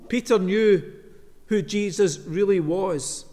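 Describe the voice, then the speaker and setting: A man delivers a sermon, pausing for effect as he tells his story. His voice sits high for a man. A long church reverb trails every phrase. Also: darkish tone. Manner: storytelling with dramatic pauses. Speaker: minister. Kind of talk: sermon with Bible reading.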